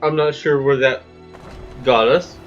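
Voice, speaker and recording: A man's voice: mid-range voice, fairly even intonation, unhurried, muffled recording, faint music behind. A man giving casual, crude, joking commentary over gameplay and swearing freely.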